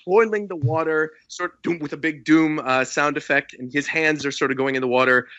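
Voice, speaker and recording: A man hosting a podcast, recapping a comic chapter in a lively storytelling way. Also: fairly high pitch, a little fast, muffled recording. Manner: animated storyteller, acts out quotes. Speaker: podcast host.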